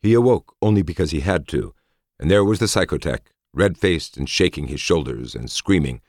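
A male audiobook narrator with a very deep voice reads in a measured, expressive way. The recording is studio quality with no room sound.

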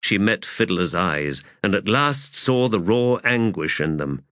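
A man reading fantasy fiction aloud as an audiobook narrator, measured and expressive. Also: low-pitched, no echo, clean studio sound.

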